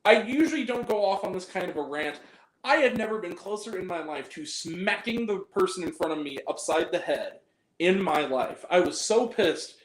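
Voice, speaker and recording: A man's voice: high voice, animated, normal speed. A man hosting a movie review vlog, venting in a heated, profane rant and often repeating himself. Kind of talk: angry ranting vlog monologue. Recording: roomy echo.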